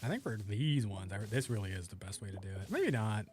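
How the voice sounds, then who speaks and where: A young adult man streaming a video game, chatting casually with viewers and thinking aloud in a relaxed, rambling way. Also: on the low side, fairly quick, soft background music. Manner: laid-back, rambling, thinks aloud while playing. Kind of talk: casual gameplay chat with viewers.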